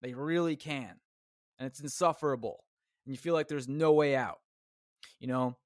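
A man with a somewhat dark, mid-range voice talks at a moderate pace, rambling and self-interrupting as he hosts his solo podcast. It's a casual, constantly profane rant full of tangents, recorded clean in the studio with no room sound.

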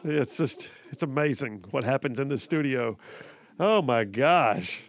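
Chatty talk radio host. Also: male voice, medium pitch, expressive, measured pace. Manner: chatty, joking, repeats himself. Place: radio studio. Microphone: studio microphone.

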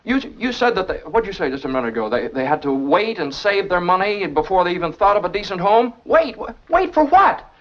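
A man's voice: high-pitched, sing-song, brisk, a bit bright. An actor playing an earnest, impassioned young man in a 1940s film, talking urgently with stammering restarts. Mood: indignant. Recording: lo-fi old film soundtrack.

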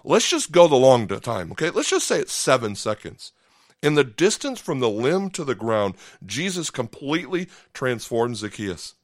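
A man's voice: mid-range voice, big pitch swings, normal speed, no echo, studio quality. A man preaching a podcast sermon in a conversational way, acting out short voiced asides and often checking in with "okay?". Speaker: pastor.

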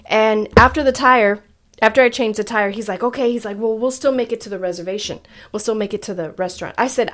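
A woman co-hosting a podcast, telling a story in a blunt, animated way and dropping in Spanish phrases. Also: a little high, fast talker. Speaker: podcast co-host. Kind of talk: casual storytelling chat.

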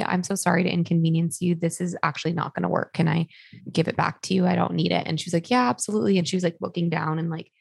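Chatty woman with a gravelly low voice. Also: no room sound, clean studio sound. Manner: chatty, storytelling with many likes. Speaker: podcast co-host. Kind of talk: casual chat.

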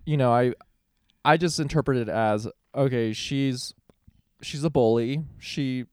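Measured man musing on a dry mic. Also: medium pitch, smooth, no room sound. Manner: measured, thinks aloud with hesitations. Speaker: podcast co-host. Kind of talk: casual chat.

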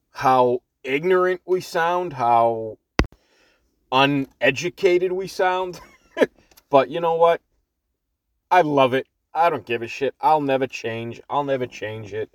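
A man with a thick Boston accent hosting a solo podcast off the cuff from his parked car, rambling with lots of fillers and blunt swearing, recorded on an earbud mic. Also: medium pitch. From Boston, Massachusetts. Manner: rambling, many fillers and restarts, blunt and profane. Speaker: podcast host.

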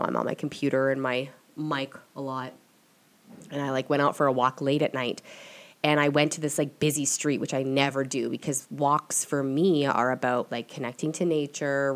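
A young woman hosting a casual solo podcast, talking candidly and rambling, swearing freely. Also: extremely low pitch. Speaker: podcast host. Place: at home at her computer and mic.

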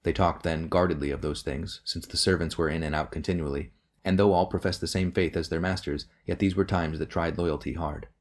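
Deep-voiced male audiobook narrator. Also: steady tone, fairly quick. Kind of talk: scripted narration of a novel.

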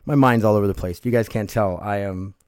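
A man with a lowish, smooth, slightly mellow voice talks fast while hosting his own casual solo podcast. He rambles loosely, full of fillers, swearing and self-deprecation, all while dealing with nerve pain.

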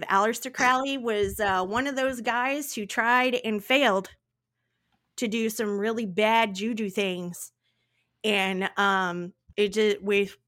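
A woman co-hosting a podcast in casual chat, animated and playful, with dramatic asides. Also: medium pitch. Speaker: podcast co-host.

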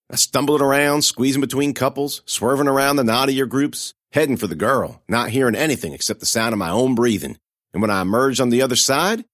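A man reading a first-person horror story in a dramatic, expressive way. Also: mid-range voice, dry recording, clean studio sound.

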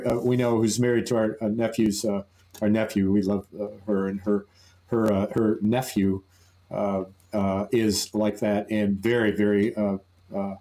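An older man on a casual podcast, telling stories haltingly with many fillers and chuckles. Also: on the low side, mellow. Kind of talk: casual chat.

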